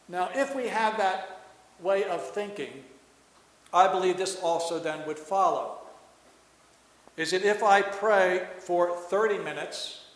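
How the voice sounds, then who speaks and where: A man's voice: high voice, fairly bright tone. A man preaching a sermon in earnest, asking rhetorical questions and building to emphatic points. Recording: echoey hall reverb.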